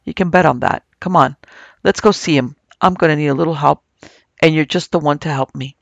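A man voicing an old rural woman said to be half witch, calm, coaxing and folksy. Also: fairly high pitch, a little fast, creaky, no room sound. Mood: calmly eerie.

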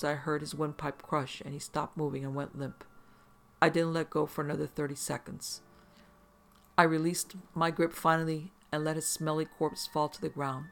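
A man's voice: on the high side, a bit bright. A man narrating a first-person horror story in an intense, profane, vivid way.

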